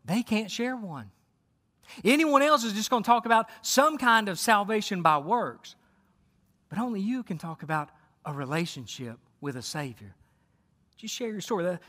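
A fervent male pastor preaching to his congregation, with a high, bright, forceful voice. He stumbles over repeated words as he drives each point home. The sound rings with the long reverb of a large church hall. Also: animated, moderate pace. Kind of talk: sermon. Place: church sanctuary.

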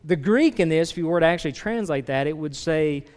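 A man's voice: on the high side, animated, brisk, a little mellow, smooth. A man preaching a conversational sermon to a congregation, asking them questions directly and often restarting his phrases. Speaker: pastor. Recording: long reverb of a large hall.

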